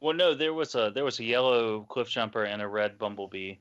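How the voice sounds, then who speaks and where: A man's voice: lowish voice, brisk, fairly bright tone, clear, resonant tone. A man co-hosting a podcast, chatting casually with crude, swearing banter. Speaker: podcast co-host. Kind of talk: casual chat. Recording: dull lo-fi podcast audio.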